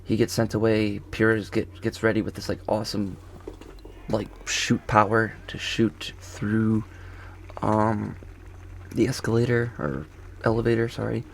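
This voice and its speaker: A man's voice: fairly low pitch, fairly even intonation, measured pace, gravelly, a little hiss or hum. A man casually recapping a show episode outdoors, rambling and correcting himself as he goes. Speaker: video reviewer. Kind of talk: casual spoken review. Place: outdoors on a golf course.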